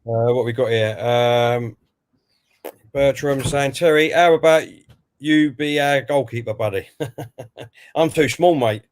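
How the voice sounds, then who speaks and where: A man's voice: medium pitch, slow pace, pauses often. A man co-hosting a football watch-along stream, giving live commentary and reading out viewer comments before giving his own view. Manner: chatty, reads out chat messages and then gives his view.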